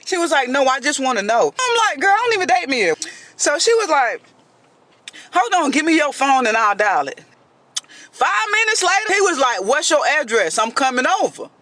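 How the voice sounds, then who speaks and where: Storyteller, man, high and sharp-toned, animated casual storytime. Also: moderate pace, no room sound. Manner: animated, dramatic retelling with quoted voices.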